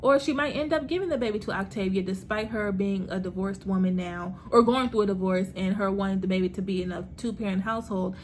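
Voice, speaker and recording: A woman hosting her own vlog, chatting about a TV series in a lively, slangy way and laughing often. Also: medium pitch, fast, hardly any pauses, slight background noise. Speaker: host reviewing a TV series. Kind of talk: casual TV recap vlog.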